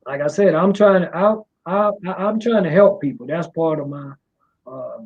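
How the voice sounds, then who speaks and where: A husky, slightly mellow male voice moves at a moderate pace as a middle-aged D.C. music promoter chats in a casual interview. He drawls a little, rambles, and repeats fillers, all captured in muffled, low-fidelity sound.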